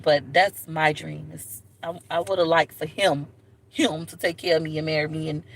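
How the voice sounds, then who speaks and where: A woman telling stories to camera in a blunt, animated way, often calling viewers "baby". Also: on the low side. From Florida, USA. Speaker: vlogger. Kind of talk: casual storytelling to camera.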